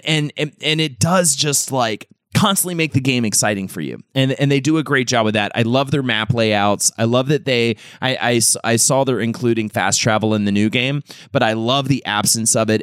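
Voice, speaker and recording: A podcast co-host chats casually, talking enthusiastically and rambling with frequent restarts. His medium-pitched voice is a bit bright and clean, recorded with clean studio sound and no room sound.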